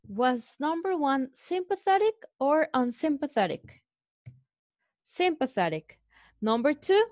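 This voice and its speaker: A woman English teacher with a Mexican Spanish accent, explaining a lesson slowly to her students and calling them guys. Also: high voice, no room sound, studio quality. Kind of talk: recorded online lesson.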